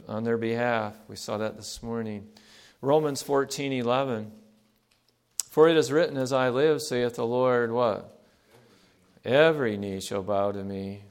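A man preaching a sermon at a middle pitch, reading scripture aloud and putting questions to his listeners. He leans on key words by slowing down, then lets his voice sink soft and low at the close of a thought. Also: vocal fry, clear, resonant tone. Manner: slows down for emphasis, asks the congregation questions. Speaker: pastor.

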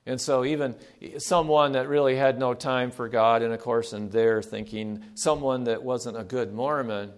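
A man preaching a sermon at a middle pitch, reading scripture aloud and putting questions to his listeners. He leans on key words by slowing down, then lets his voice sink soft and low at the close of a thought. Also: fairly even intonation, clear, resonant tone. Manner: slows down for emphasis, asks the congregation questions. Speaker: pastor.

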